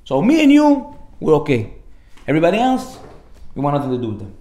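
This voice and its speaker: A man giving a sermon as a rabbi, animated, acting out the voices in his stories. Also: a little high, fairly quick, echoey room. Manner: animated storytelling, acts out dialogue.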